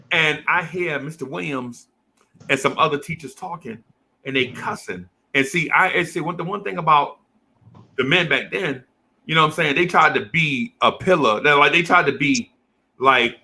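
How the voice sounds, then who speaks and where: A middle-aged man tells a long story in casual talk. His voice is bright and sits a little high. He jumps between quoted voices and keeps dropping in slang. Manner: acts out teachers and kids in quoted voices, heavy slang. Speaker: podcast co-host telling a childhood story.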